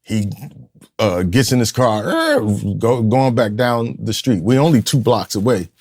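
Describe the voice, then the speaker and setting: Very animated yet a little slow, his medium-pitched voice has a slightly mellow quality. He's a Newark, New Jersey community leader in his fifties, guesting on a podcast with a raw, blunt, profane personal story told in street phrasing, vividly voicing the people he quotes.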